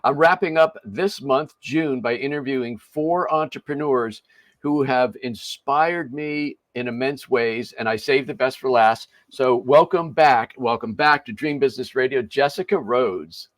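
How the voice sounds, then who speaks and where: A man's voice: mid-range voice, a little slow, dry recording. An older man hosting a podcast interview, telling a story casually with chuckles and restarts. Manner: chatty, chuckling, self-interrupting. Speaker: podcast host.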